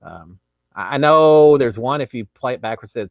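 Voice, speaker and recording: A man's voice: mid-range voice, expressive, normal speed, no room sound, studio quality. A middle-aged man with a Texan accent, hosting a casual live chat and answering viewer questions in a rambling way. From Texas. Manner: rambling, many restarts and fillers. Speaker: host.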